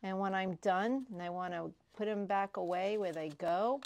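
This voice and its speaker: A woman crafting vlogger unboxing prizes she won, gushing and excitable, often repeating herself. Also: medium pitch, normal speed, a little hiss or hum. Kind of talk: casual unboxing vlog.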